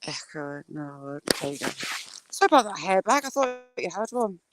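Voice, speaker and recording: A woman's voice: mid-range voice, very animated, quick pace, background noise. A woman, chatting casually to viewers while she walks, greeting them by name. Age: adult with a school-age child. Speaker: live-streaming vlogger.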